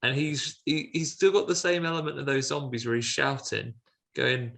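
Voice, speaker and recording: A man's voice: mid-range voice, fairly even intonation, normal speed, vocal fry, fairly bright tone. A man co-hosting a film podcast, retelling the plot in a chatty, sarcastic way. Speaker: podcast co-host. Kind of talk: casual film review chat.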